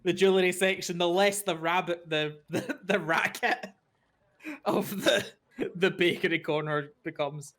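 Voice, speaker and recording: A game master narrating a tabletop game in a lively, rambling manner. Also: mid-range voice, unhurried.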